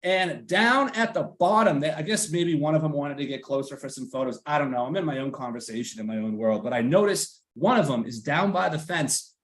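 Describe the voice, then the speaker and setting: A man's voice: fairly high pitch, fairly quick, few pauses. A man around forty with a Boston accent, telling a profane story as a podcast host and acting out the other people's lines. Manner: animated, profane, acts out quotes in exaggerated voices. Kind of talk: casual storytelling chat.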